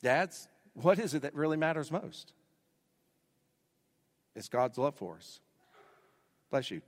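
A man's voice: on the high side, expressive, slow pace. A male pastor delivering a sermon, building emphasis through repeated phrases. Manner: preaching with rising emphasis and repetition. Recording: long hall reverb.

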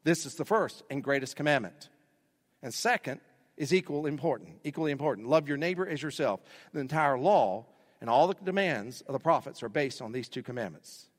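A man's voice: medium pitch, expressive, brisk. A male pastor delivering a sermon, building emphasis through repeated phrases. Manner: preaching with rising emphasis and repetition. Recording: long hall reverb.

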